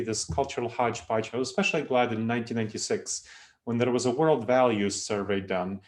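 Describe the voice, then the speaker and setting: Moldovan-accented man presenting a webinar. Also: mid-range voice. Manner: lively, self-deprecating lecturing with frequent restarts. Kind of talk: online presentation. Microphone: video call.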